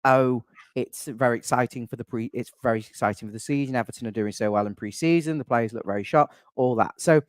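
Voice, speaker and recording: A young man, the channel admin and host, runs a casual fan podcast in a loose, wry style, drifting into asides. His mid-range voice moves quickly with few pauses, recorded close and dry without any room echo.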